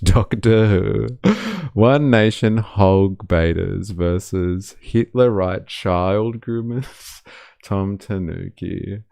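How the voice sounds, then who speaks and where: A man talks over clips on his live stream, joking sarcastically with his chat and often breaking into laughs. His voice sits low and gravelly, and the sound is dry, with no room echo. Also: slow, a little mellow. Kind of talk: casual reaction commentary.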